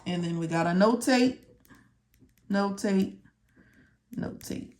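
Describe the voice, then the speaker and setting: This is a step-by-step tutorial on medical coding, led by a woman with a mid-range voice at a slow pace. Slight background noise is present as she repeats key words and works through her own questions and answers.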